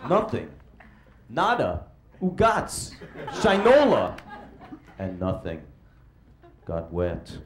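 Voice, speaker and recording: A man performing comic theatrical narration on a live stage, with a drawn-out, mock-solemn delivery. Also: lowish voice, wildly swooping pitch, noisy background.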